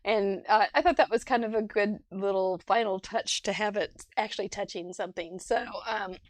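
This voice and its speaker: A woman hosting a casual craft show, chatting warmly about viewers' cards and laughing often. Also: medium pitch, normal speed, dry recording. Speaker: host.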